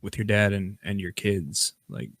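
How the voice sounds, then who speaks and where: A man hosting a podcast, asking questions in a halting, casual way. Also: lowish voice, vocal fry, fairly bright tone, no room sound. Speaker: podcast host. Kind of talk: casual interview chat.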